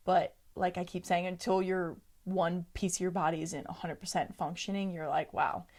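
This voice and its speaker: A woman's voice: lowish voice, little pitch movement, normal speed, darkish tone. A young woman co-hosting a podcast, talking earnestly and reflectively in casual chat, often breaking into laughter. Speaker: podcast co-host.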